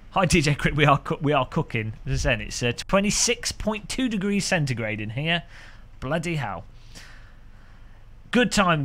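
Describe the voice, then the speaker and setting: A man's voice: a little high, fairly bright tone. A British man chatting casually and jokily on a sim racing live stream, rambling between topics from a room at home. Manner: rambling, jokey, chuckles often. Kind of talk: casual live-stream chat while gaming.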